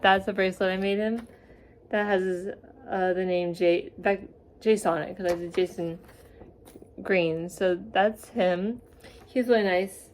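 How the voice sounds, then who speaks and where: Excitable young woman gushing in a vlog. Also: medium pitch. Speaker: vlogger. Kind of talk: casual storytelling vlog.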